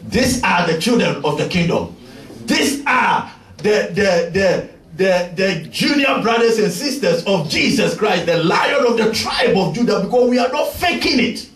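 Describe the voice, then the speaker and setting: Male pastor, high-pitched, shouting and emphatic sermon, recorded at a distance with faint noise. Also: expressive, a little slow, faint music behind. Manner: emphatic, frequently shouting preaching. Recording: echoey church from far off.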